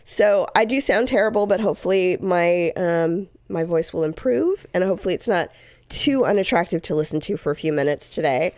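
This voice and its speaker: Hoarse woman with a cold, low voice, chatty podcast cohost poking fun at herself. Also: lively intonation, fairly quick, a little mellow, no echo, studio quality. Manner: chatty, self-mocking, laughs often. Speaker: podcast co-host. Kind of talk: casual chat.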